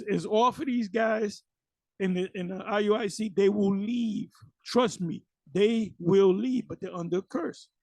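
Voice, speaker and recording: High, gravelly man ranting in commentary. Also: no room sound, rough recording. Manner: animated, preachy, mocking, full of fillers. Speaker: religious commentator.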